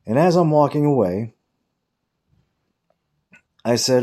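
Low, mellow man telling a profane story. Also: measured pace. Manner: profane, rambling anecdote with quoted dialogue; mocking impressions of coworkers. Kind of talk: casual storytelling.

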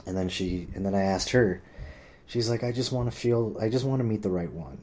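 A man's voice: a little fast, a little mellow. A man telling a rambling personal story in casual chat, swearing often and acting out what others said. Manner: rambling, swears a lot, heavy use of "like"; acts out quoted people with pitch jumps.

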